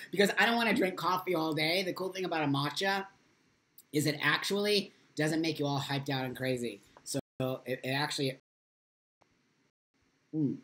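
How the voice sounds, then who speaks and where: A man's voice: fairly high pitch, bright, forceful tone. A man talks straight to his viewers on a casual live stream. He speaks with strong feeling, curses often and reads out their comments as he goes. His delivery is loose and unscripted. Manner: impassioned, swears freely.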